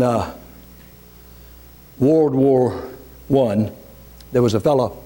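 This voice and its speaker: A pastor preaching a sermon with passion, swinging from raised, urgent lines to hushed, low prayer, repeating and restarting words as he builds.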